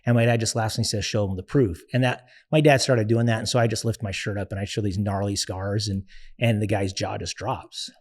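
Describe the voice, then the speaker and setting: Earnest man telling his story, low voice. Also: little pitch movement, fairly quick. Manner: earnest, reflective, frequent fillers. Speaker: guest. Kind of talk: interview storytelling.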